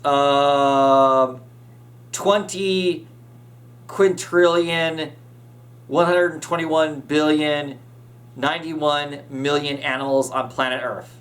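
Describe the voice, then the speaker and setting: A man's voice: a little high, fairly even intonation, very slow, fairly bright tone. A man hosting a podcast, chatting casually as he recaps a comic, full of fillers and restarts. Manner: rambling, many fillers and restarts. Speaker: podcast host.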